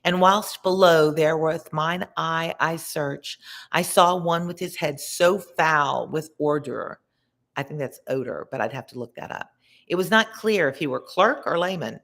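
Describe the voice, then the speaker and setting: Female tutor, low-pitched, reads classic verse aloud with informal asides. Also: vocal fry, fairly bright tone. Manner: reads slowly with chatty word-explaining asides. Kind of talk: read-along with spoken asides.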